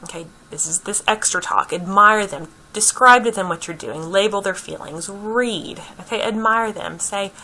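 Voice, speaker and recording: A woman's voice: mid-range voice, normal speed, hardly any pauses, bright, forceful tone, rough recording. A woman giving a conversational lecture on early childhood, repeating key points and checking in with her listeners.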